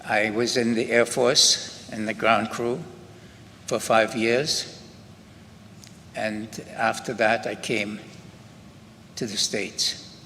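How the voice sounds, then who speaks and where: Slow-speaking older Scottish man. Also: lowish voice, flat delivery, pushed and bright. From Scotland. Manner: unhurried, halting, with frequent restarts. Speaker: Holocaust survivor speaker. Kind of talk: personal testimony at a memorial ceremony. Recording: long hall reverb with faint ambient noise.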